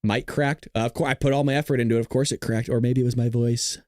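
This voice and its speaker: A man's voice: medium pitch, fairly even intonation, fast talker, darkish tone, no room sound, studio quality. A man hosting a live political commentary stream, talking casually to his chat, jokey and profane. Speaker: livestream political commentary host.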